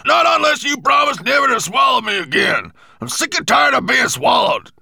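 A man reading an audiobook, voicing a grumpy, sulking male dwarf who whines and shouts his complaints. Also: medium pitch, huge pitch swings, moderate pace, creaky, dry recording, voice pushed up, exaggerated voice. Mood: indignant shouting. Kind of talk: audiobook character voice.

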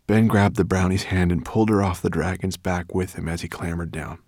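A man narrating a story in an expressive, dramatic way. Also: low voice, a little fast, few pauses, dry recording, studio quality. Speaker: audiobook narrator. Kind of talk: scripted narration.

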